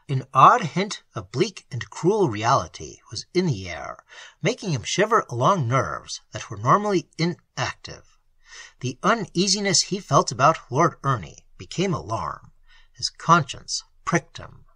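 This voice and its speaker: A hoarse reader narrates an audiobook with expressive, dramatic delivery. The voice is husky yet bright and swings widely in pitch. The recording is dry and close to the mic. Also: measured pace, no room sound, poor audio.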